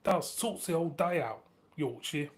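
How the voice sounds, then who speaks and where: A man's voice: fairly high pitch, lively intonation, normal speed, slight background noise. A middle-aged man with a northern English accent, chatting casually on a live stream, laughing often and swearing freely. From northern England. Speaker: beer review channel host.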